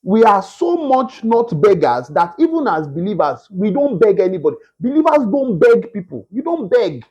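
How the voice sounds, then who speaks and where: A man preaching a sermon, emphatic and repetitive, with a husky voice. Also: sits high, big pitch swings, normal speed, few pauses, darkish tone, dull audio. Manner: emphatic, repetitive, mimics beggars in a whiny voice.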